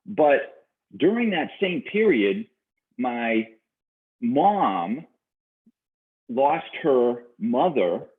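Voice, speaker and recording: A man in his fifties with a Boston accent, telling his story as an interview guest in an energetic, chatty way and laughing easily. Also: mid-range voice, very slow, pauses often. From Boston, USA. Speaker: guest, entrepreneur and business coach. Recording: tinny phone-like line.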